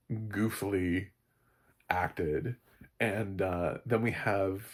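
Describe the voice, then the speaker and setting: Husky low-voiced man chatting about a movie. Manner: chatty, laughs often, amused and rambling. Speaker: movie reviewer. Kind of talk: casual movie review chat.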